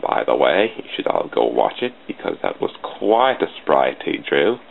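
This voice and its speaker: A man giving casual commentary while he draws sprites, in a put-on deep, mock-formal voice. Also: sing-song, normal speed, gravelly. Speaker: channel host drawing sprites. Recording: tinny phone-like lo-fi with faint hiss.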